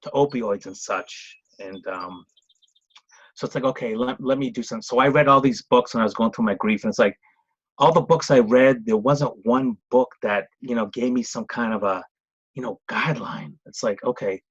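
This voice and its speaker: A man's voice: medium pitch, moderate pace, slightly rough, dry recording, lo-fi sound. A middle-aged man with a Boston accent, a podcast guest talking casually, rambling with frequent restarts. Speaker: guest, grief coach and author. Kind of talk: casual conversational interview.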